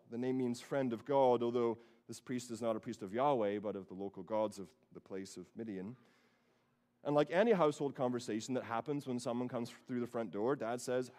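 A man pastor preaching a sermon, telling the story with lively quoted voices. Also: mid-range voice. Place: church sanctuary.

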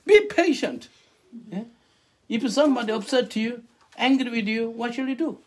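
Animated husky male preacher, high voice. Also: moderate pace, pauses often. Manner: animated, questions the listeners, broken English. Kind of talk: interactive sermon.

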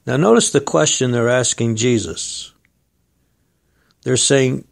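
Gravelly-voiced man preaching a sermon. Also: medium pitch, darkish tone. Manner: earnest, exhorting, addresses listeners as friend and folks.

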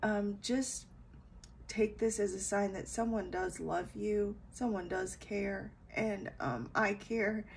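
A tired woman giving a casual late-night spiritual talk at home, speaking softly and hesitantly with many fillers, then guiding a meditation. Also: medium pitch, fairly even intonation, slow pace, creaky, slight background noise, low-quality recording. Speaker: spiritual reader.

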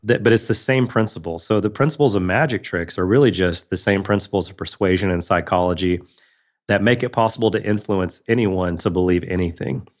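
A man's voice: low voice, fairly quick. A man in his thirties, a podcast guest telling a personal story in an earnest, reflective way.

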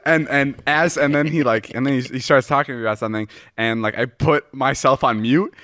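A man hosts a podcast in loose storytelling chat. He is animated, drops swear words freely and laughs between lines. His voice sits at a middle pitch and sounds dry and close to the mic. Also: fairly quick, dry recording. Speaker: podcast host. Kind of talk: casual storytelling.

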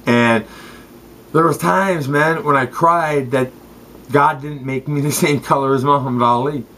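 A man's voice: fairly high pitch, steady tone, measured pace, sharp tone, low-quality recording. A man from Southern California, a former football player, ranting to the camera in a rambling, profane way, full of street slang and calling out people by name. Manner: street slang, addresses people directly, repeats "straight up" and "okay".

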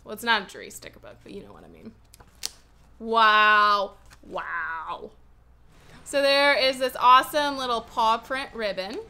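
A young woman chats casually at home as she opens fan mail and reads letters aloud. Her voice sits a little high and sounds bright, and she fills her talk with "like.". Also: sing-song, fast, few pauses. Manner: chatty, reads letters aloud, many "like" fillers. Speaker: stationery vlogger opening fan mail. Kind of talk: casual unboxing chat. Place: home room with open window.

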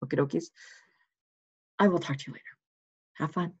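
Casual, gravelly-voiced math teacher. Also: medium pitch, brisk. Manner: casual, thinks aloud while writing, checks in with "right?"; encouraging and reassuring. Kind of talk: recorded lesson walking through worked problems. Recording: slightly muffled lo-fi recording.

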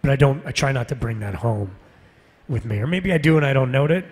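A man with a slightly husky, mid-range voice answers fan questions on stage, relaxed and quick to laugh. His words ring out with the long reverb of a large convention hall. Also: mid-range voice. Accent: Canadian. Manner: laughs often, relaxed and self-deprecating. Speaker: voice actor guest on a convention panel. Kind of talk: casual panel Q&A.

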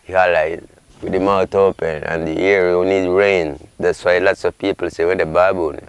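A man from the Caribbean coast of Nicaragua with a local English accent, telling a folk legend in an unhurried way with pauses. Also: low voice, little pitch movement, smooth, dry recording. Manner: unhurried, simple phrasing, with pauses. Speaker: community leader telling a legend. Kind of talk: oral folk storytelling.

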